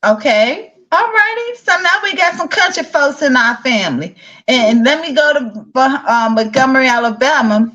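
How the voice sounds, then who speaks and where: A woman's voice: high voice, expressive, moderate pace, a bit bright, muffled recording. A woman from Chicago with a Southern accent, hosting a casual live-stream chat, chatty and laughing often with a drawl. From south side of Chicago. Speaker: host.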